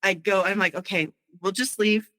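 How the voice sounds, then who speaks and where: A woman with a bright, forceful voice recounts a painful memory in halting, emotional bursts. She restarts her sentences often as she goes back over the night. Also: mid-range voice, fairly even intonation, low-quality recording. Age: adult. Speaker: guest sharing her story. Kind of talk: personal storytelling.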